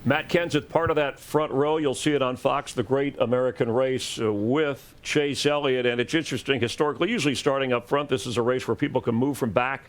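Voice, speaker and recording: A man hosting live televised motor racing coverage, with a polished, brisk anchor delivery. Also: mid-range voice, fairly even intonation. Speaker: race studio host.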